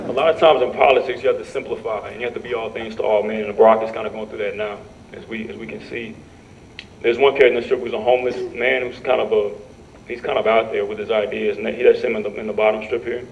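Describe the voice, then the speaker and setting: A man on a panel presenting his comic strips, relaxed, with chuckling asides. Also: lowish voice, fast talker, creaky. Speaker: cartoonist panelist. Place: lecture room panel. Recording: distant mic, dull sound, faint hum.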